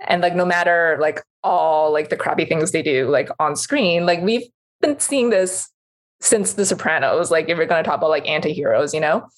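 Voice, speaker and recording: A woman co-hosting a casual film awards podcast, talking in quick bursts with many filler words and frequent laughter. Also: sits low. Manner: animated, quick, filler-heavy, laughs often. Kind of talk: casual chat.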